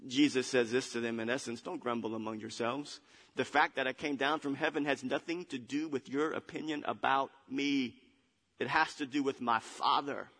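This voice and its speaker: Preacher man in an echoing hall. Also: medium pitch. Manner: animated, acts out grumbling crowd with muttered asides. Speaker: pastor. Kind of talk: sermon. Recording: long hall reverb.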